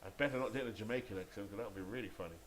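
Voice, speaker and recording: A man's voice: fairly low pitch, rapid-fire, slight background noise, low-quality recording. A British man calling play-by-play for a baseball video game he is playing, chatting and thinking aloud between calls. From Great Britain. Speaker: gamer and play-by-play caller.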